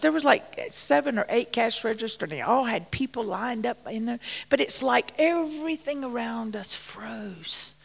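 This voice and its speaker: A woman's voice: on the high side, gravelly, in a large hall. A woman preaching in a folksy, storytelling way, dropping at times to near-whispers. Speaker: church missions speaker. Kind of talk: storytelling sermon.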